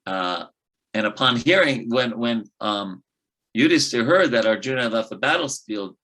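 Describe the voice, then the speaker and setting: A man teaching a scripture class, telling the story in a lively, conversational way with casual fillers. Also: medium pitch, moderate pace, poor audio. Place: temple class room.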